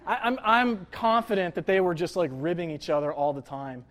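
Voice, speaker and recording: A man's voice: on the high side, brisk, few pauses. A young man preaching a casual, conversational sermon, joking and filling his talk with "like" and "uh". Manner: conversational, jokey, lots of fillers like "like" and "uh". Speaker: pastor.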